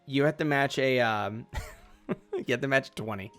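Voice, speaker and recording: Game master of a tabletop game, rambling and giggly, mid pitch, faint music behind. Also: measured pace. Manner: rambling, filler-heavy narration with laughs. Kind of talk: tabletop role-play session.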